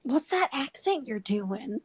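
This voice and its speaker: Woman player, high voice, playful and teasing, dry close recording. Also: very animated, slow pace, slightly rough, no room sound. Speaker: tabletop game player. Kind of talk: casual tabletop role-play.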